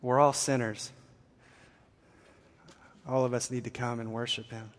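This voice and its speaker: Pastor guy preaching, earnest and chatty, mid pitch, long echo in the church hall. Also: flat delivery, a little slow. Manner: earnest, conversational, with fillers. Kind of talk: sermon.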